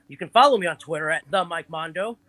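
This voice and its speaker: Bright-voiced New York man, animated. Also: fast, dry recording, low-quality recording. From Long Island, New York. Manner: animated, self-promoting, salesman-like pitches. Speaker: guest, pro wrestling trainer. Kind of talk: casual live show chat.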